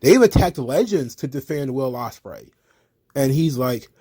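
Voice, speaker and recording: A man's voice: medium pitch, lively intonation, measured pace, mellow, husky, no echo. A man hosting a casual wrestling commentary show, blunt and profane, rambling with lots of fillers.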